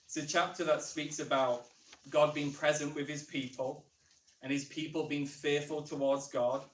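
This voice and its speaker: A man's voice: fairly high pitch, steady tone, normal speed, slight background noise. A man with a Northern English accent giving a sermon in a conversational way, posing questions as he thinks aloud. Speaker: preacher. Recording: echoey church room from far off.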